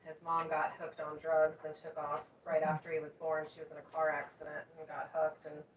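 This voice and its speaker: A woman with a fairly low voice chats and teases at home. She sounds set back from the mic in a roomy, echoing space, with steady background noise. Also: fairly quick. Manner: teasing, chatty. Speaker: homesteading vlogger. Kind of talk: casual chat. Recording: roomy, distant, noisy home recording.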